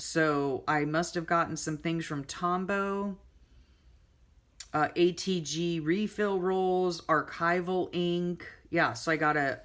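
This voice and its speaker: A middle-aged woman chatting at home as she pages through her journal. She rambles casually, drifts into side stories, and gets animated when a story heats up. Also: sits low. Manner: animated storytelling, many fillers and asides. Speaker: journal flip-through vlogger.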